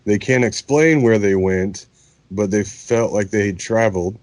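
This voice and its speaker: A man's voice: fairly low pitch, a little slow, darkish tone, no room sound. A man co-hosting a casual podcast chat, explaining things earnestly with restarts and trailing thoughts. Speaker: podcast co-host.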